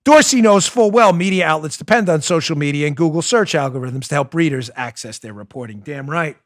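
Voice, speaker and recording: A man's voice: fairly high pitch, lively intonation, a little fast. A middle-aged man, hosting a talk show in a combative, sarcastic monologue. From New York. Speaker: show host.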